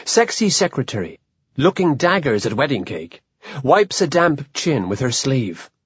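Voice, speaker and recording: A man's voice: medium pitch, big pitch swings, unhurried, slightly rough, lo-fi sound. Wry male audiobook narrator.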